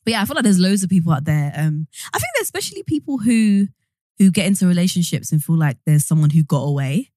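A woman's voice: lowish voice, very animated, fast, dark tone, no room sound, clean studio sound. A young woman co-hosting a podcast in casual chat, giggly and rambling. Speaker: podcast co-host.

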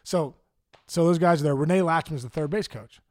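A middle-aged man with a high voice spins a story in rapid-fire style, acting out the people in it. He talks casually as a podcast guest, and the recording is dry and close. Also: darkish tone, no room sound. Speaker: guest, former ballplayer. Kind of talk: animated anecdote storytelling.

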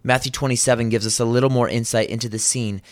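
A man preaching a sermon, reading scripture and then explaining it earnestly. He asks rhetorical questions and slows down to stress vivid details. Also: mid-range voice, fairly even intonation.

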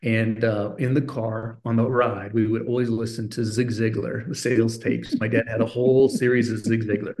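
A man's voice: medium pitch, moderate pace, few pauses. Man, middle-aged, podcast guest, mid-range voice, conversational storytelling, acts out voices. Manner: animated storyteller who acts out voices of people in his story.

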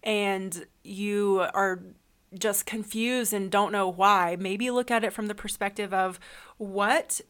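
A woman's voice: medium pitch, steady tone, slow, a bit bright, smooth. A woman giving a reflective spiritual self-help talk, asking the listener many questions in an earnest way. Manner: uses fillers like um and you know. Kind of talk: solo spiritual talk, podcast-like.

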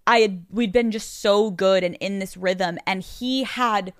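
A woman's voice: mid-range voice, a little slow, no room sound, clean studio sound. A young woman podcast host being interviewed, telling a personal story in a frank, chatty way with plenty of swearing. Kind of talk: casual candid conversation.

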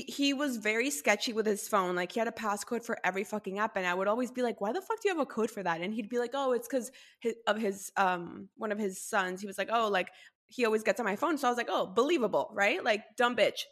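A woman's voice: on the high side, brisk, a bit bright. A young woman in casual chat, telling stories in a blunt, profane way.

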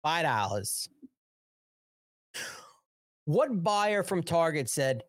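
A man's voice: a little high, big pitch swings, very slow, dry recording, studio quality. A middle-aged man hosting a live political commentary show, ranting in a mocking, sarcastic way, swearing and laughing often.

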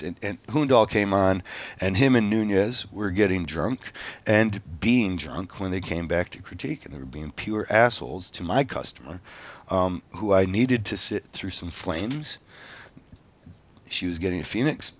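Deep voiced guy ranting and cussing about a tattoo show, muffled lo-fi audio. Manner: angry, profane, emphatic. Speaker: tattoo artist telling a story. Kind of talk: casual storytelling rant. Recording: dull lo-fi recording.

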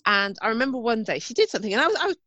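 A woman's voice: a little high, very animated, rapid-fire, pushed and bright, dry recording, dull audio. A woman co-hosting a podcast, telling stories in a blunt, earthy, chatty way. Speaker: podcast co-host. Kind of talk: casual chat.

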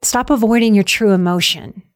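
A woman's voice: medium pitch, moderate pace, dry recording, clean studio sound. A middle-aged woman hosting a reflective talk on anxiety, speaking earnestly with repeated emphasis and the odd "y'all". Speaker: podcast host on anxiety.

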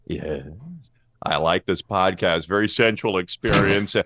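A man voicing an eccentric older man who speaks in halting, stretched-out phrases. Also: low voice, fairly bright tone, no echo, pitched below the performer's own voice. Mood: languid. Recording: dry, slightly dull sound.

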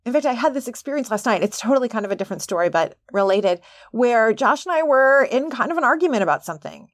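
Middle-aged woman host, higher-pitched, chatty and laughing, dry close-mic sound. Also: quick pace, dry recording. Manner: chatty, laughing, animated asides. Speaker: podcast host and coach. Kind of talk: casual monologue.

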